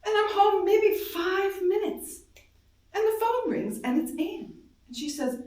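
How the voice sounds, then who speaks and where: A woman giving an intense, emotional live reading of first-person dream monologues, moving between hushed and loud. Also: extremely high pitch, animated, measured pace. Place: darkened live performance space. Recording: very echoey hall, voice from far off.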